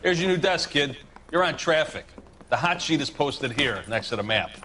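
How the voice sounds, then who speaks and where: No-nonsense cop boss, bright sharp voice, lively. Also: male voice, fairly high pitch, a little hiss or hum. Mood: brisk. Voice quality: brisk, businesslike. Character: gruff, matter-of-fact older male police commander. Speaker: police commander.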